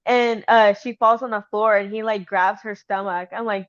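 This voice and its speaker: Woman, casual chat host, filler-heavy storytelling, mid pitch, slightly lo-fi sound. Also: normal speed, hardly any pauses. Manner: animated retelling with many "like" fillers.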